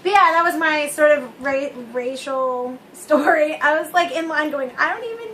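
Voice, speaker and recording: A woman's voice: sits high, measured pace, slight background noise. A young woman hosting a vlog, chatting casually and telling stories with lots of giggling. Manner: giggly, animated storytelling. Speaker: vlog host. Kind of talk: casual chat.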